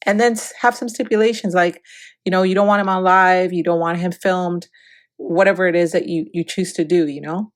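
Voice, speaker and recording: A woman with a somewhat low voice delivers opinionated gossip commentary. She lectures in a preachy tone, repeating phrases for emphasis. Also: fairly even intonation, a little fast. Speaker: celebrity gossip vlogger.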